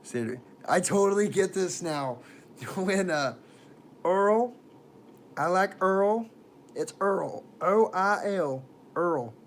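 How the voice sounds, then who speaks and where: A man's voice: high-pitched, expressive, takes it slowly, slight background noise, pitched above the performer's own voice. A man doing a put-on Southern accent in a raised, goofy voice, laughing between lines during casual livestream chat. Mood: playful.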